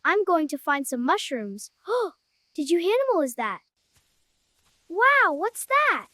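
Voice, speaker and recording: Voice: very high-pitched, very animated, slow pace, sharp tone, no room sound, exaggerated voice. A performer voicing a cheerful little cartoon kid who teaches toddlers animal names in a sing-song way and asks them to repeat the words. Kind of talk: children's educational cartoon narration.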